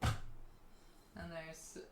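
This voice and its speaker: A woman's voice: extremely slow, slight background noise. Giggly woman streamer, echoey room. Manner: giggly, chatty, reads chat aloud. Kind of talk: casual live-stream chat.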